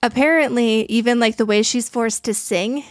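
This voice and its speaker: A woman's voice: a little high, moderate pace, no echo, studio quality. A young woman co-hosting a podcast in casual chat, explaining things at length with plenty of "like". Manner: chatty, explains with lots of likes. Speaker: podcast co-host.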